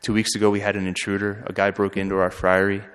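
A man who is a friar, telling a story in an earnest, halting way with frequent restarts. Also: fairly low pitch, monotone, a bit bright, clean tone. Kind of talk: storytelling talk. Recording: long hall reverb.

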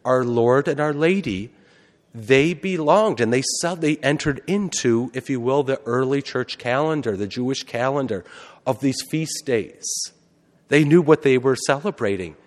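A man's voice: mid-range voice, animated, measured pace. A man, a priest, giving a conversational sermon and often asking the congregation questions. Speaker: Catholic priest. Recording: long hall reverb.

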